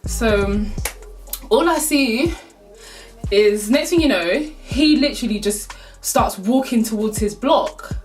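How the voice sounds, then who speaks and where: A woman's voice: on the high side, animated, takes it slowly, darkish tone, faint music behind. A young woman telling a casual storytime, full of slang and swearing, with laughs through the telling. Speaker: vlogger.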